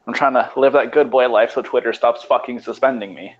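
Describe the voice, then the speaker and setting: A man's voice: mid-range voice, fairly even intonation, fairly quick. A young man from California chatting casually and crudely, talking in loose rambling sentences with frequent restarts. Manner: laid-back, rambling, stammering restarts. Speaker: podcast co-host. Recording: lo-fi voice call with faint noise.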